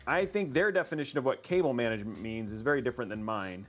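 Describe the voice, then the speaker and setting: A man's voice: medium pitch, quick pace, fairly bright tone, faint music behind. A man hosting a casual livestream, chatting with viewers and laughing often while he builds a computer.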